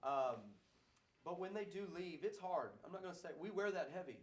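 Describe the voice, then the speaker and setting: A middle-aged man, a pastor, answering audience questions in a lively, playful way that keeps circling back on its points. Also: high-pitched, moderate pace. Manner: animated preacher, playful, repeats himself.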